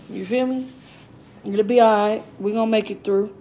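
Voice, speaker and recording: A woman hosting a live mukbang stream from home, chatting loudly and profanely while answering viewer comments. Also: mid-range voice, normal speed, slight background noise, low-quality recording. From Arizona. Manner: loud, profane, animated, reading and answering chat comments. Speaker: livestream mukbang host. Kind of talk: casual live-stream chat.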